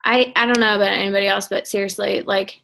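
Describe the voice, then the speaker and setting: A woman coach leading a video call, chatty and energetic, rambling with fillers. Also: medium pitch, quick pace, creaky, slight background noise. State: out of breath. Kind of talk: casual call chat. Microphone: computer mic on a video call.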